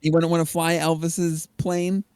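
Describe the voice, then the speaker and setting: A woman co-hosting a casual podcast, expressive and quick to laugh. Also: fairly low pitch, clear, resonant tone, no room sound. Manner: expressive, laughs often, playfully disgusted. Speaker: podcast co-host.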